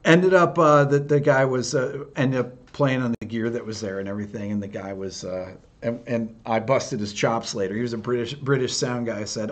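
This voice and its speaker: A man's voice: mid-range voice, moderate pace. A male host telling a funny story in casual chat, rambling and restarting his sentences. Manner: rambling anecdote, lots of restarts.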